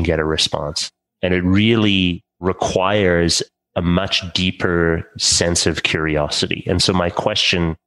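A man with a very deep, low voice hosts an interview. He works through long, reflective questions in a calm, conversational way. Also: rough recording. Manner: thoughtful, builds long questions. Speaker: interview host.

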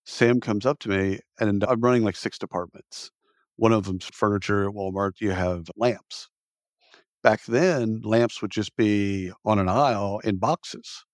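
A man in his fifties appears as a podcast guest in a casual storytelling interview, telling tales bluntly and saltily while animatedly acting out what others said. His voice is on the low side and unhurried, recorded in studio quality with no echo.

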